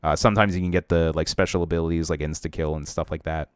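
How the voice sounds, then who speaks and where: A man's voice: rumbling low, steady tone, fast, clean tone, no echo, studio quality. A young man co-hosting a casual podcast about video games, rambling with lots of fillers and restarts. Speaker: podcast co-host.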